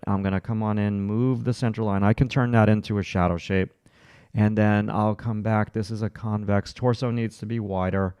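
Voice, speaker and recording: A man's voice: fairly low pitch, darkish tone, clear, resonant tone, no echo. A man teaching a livestreamed drawing lesson, talking through each stroke as he sketches and encouraging viewers to keep going. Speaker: art instructor.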